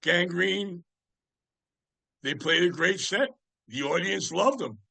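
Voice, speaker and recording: An older man in his seventies spins loose, meandering stories as a podcast guest, stopping and restarting his sentences often. His voice is gravelly but bright and slightly high. The sound is dry and close, with no room around it. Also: expressive, slow pace, dry recording. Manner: rambling, with many fillers and restarts. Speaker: guest, music writer. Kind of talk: casual anecdotal storytelling.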